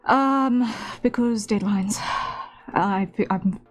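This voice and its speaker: A woman's voice: fairly high pitch, drawn-out words. Chatty South African woman streamer. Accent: South African mixed with British. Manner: chatty, laughs often, self-deprecating asides. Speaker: artist streamer. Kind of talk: casual livestream chat while drawing. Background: faint background music.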